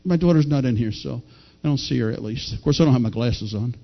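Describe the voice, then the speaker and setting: A middle-aged male pastor preaching a folksy, animated sermon that rises to shouted peaks. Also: medium pitch, fast talker, gravelly. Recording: dull lo-fi sound.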